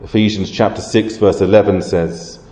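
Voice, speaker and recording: A man preaching a sermon, explaining scripture in a measured way. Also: on the low side, steady tone, mellow. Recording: roomy hall reverb.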